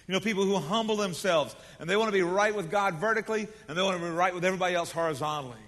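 A man's voice: high-pitched, very fast, fairly bright tone. A middle-aged man preaching a sermon to his congregation, folksy and emphatic, leading them in call-and-response. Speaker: pastor. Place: large church sanctuary. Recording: long hall reverb.

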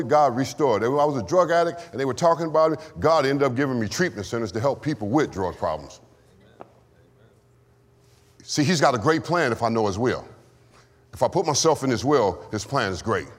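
A man preaching a sermon and giving testimony, with call-and-response lines to the congregation. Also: medium pitch. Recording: long hall reverb.

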